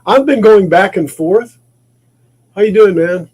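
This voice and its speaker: A man's voice: high-pitched, expressive, unhurried, a little mellow. A man hosting a casual livestream from his maker shop, rambling and often repeating and restarting his words. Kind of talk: casual livestream chat while working.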